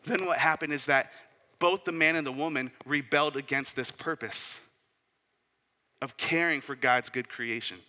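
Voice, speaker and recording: A man in his thirties delivers a sermon, his very bright and forceful voice mixing scripture reading with casual, conversational asides. He often poses rhetorical questions. The sound carries a long reverb, as from a large hall. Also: a little high, moderate pace. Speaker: pastor.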